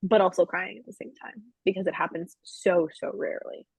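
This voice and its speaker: Husky-voiced woman podcast co-host. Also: fairly low pitch, brisk, darkish tone, dry recording, poor audio. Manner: candid, self-mocking, many fillers. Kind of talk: casual podcast chat.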